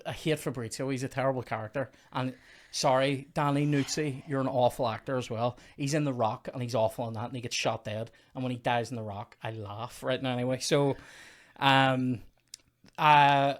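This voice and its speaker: A man hosting a comedy podcast, ranting in mock outrage and casual chat about a film. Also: mid-range voice.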